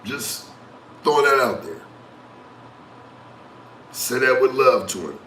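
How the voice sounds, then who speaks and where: A man rants to his stream, profane and mocking, and tells the story with a lot of animation. His voice is bright and forceful. He records in an echoey room with a faint hum of ambience. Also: medium pitch, animated, takes it slowly. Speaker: streamer and talk show host. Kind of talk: casual rant to live stream chat.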